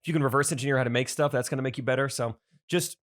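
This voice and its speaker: A man in his thirties with a mid-range voice co-hosts a casual podcast. He talks fast and encouragingly and laughs easily along with his partner. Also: medium pitch, a bit bright. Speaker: podcast co-host. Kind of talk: casual chat, giving advice.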